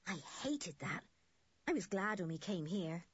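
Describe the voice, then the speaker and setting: A woman's voice: mid-range voice, animated, unhurried, slightly rough, no room sound, dull audio. A woman doing a cheerful farm boy. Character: friendly, proud young farm boy.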